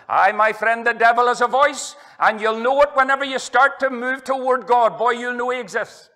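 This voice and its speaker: High, forceful Northern Irish preacher man. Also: normal speed, hardly any pauses. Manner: impassioned revival preaching, swinging from loud to hushed; quotes old-fashioned scripture phrasing. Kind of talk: evangelistic sermon. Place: church meeting hall.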